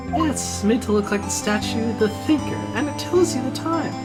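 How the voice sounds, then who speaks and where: A man voicing a calm, composed woman lawyer who is a caring older sister, in a fan dub of a game. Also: very high voice, moderate pace, loud music behind the voice, pitched above the performer's own voice.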